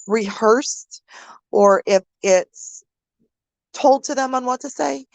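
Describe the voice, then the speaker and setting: A woman vlogger from the American Midwest, talking to her viewers through tears, halting with many pauses and fillers. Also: on the high side, a little mellow, no echo. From Minnesota. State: crying. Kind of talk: emotional vlog talk to viewers.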